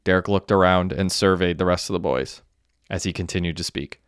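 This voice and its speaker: A man narrating an audiobook in a steady, even reading. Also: low-pitched, a little fast, smooth, no echo, clean studio sound. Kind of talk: scripted narration.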